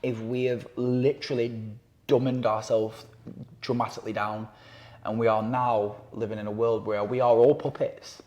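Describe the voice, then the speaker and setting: A man's voice: medium pitch, moderate pace, lo-fi sound. A man, a campaigner talking casually on a podcast, rambling with fillers and restarts and acting out quotes in voices. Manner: animated storyteller who acts out quotes in voices. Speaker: anti-knife-crime campaigner and guest.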